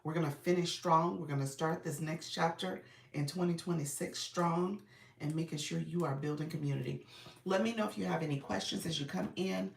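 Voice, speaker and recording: A woman business coach hosting a casual livestream. She is under the weather and a bit raspy, and she greets viewers by name in an upbeat, encouraging way. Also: low-pitched, fairly even intonation, a little fast, roomy sound, far from the mic.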